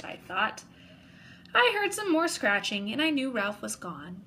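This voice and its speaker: A woman reading a children's picture book aloud in an expressive way, narrating as a young boy. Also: medium pitch, measured pace, slight background noise, rough recording. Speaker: storybook reader.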